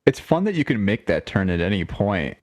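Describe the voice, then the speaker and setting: Podcast co-host, male, deep voice, loose rambling delivery with frequent laughs. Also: sing-song, fairly quick, darkish tone. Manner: rambling, laughs often, many restarts. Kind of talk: casual chat.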